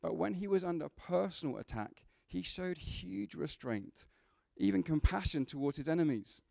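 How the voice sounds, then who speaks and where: In a church, a man gives a sermon, speaking to his congregation in a relaxed, conversational style with funny asides. His warm, gravelly voice sits a little higher than most men's and he speaks expressively at a normal speed. The recording is dry and close, with no echo.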